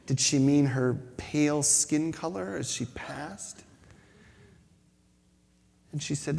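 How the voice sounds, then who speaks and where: Speaking slowly and pausing often, this man has a slightly high, creaky, somewhat mellow voice. He's a spiritual speaker offering a reflective talk in a big hall at a spiritual center, telling a personal story and poking fun at himself. Long hall reverb colors the recording.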